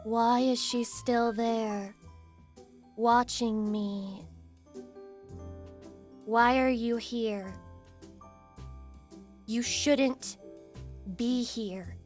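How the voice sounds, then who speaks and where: A woman putting on a slow, hushed, menacing voice as an eerie doppelganger. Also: fairly high pitch, fairly even intonation, soft background music. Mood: ominous.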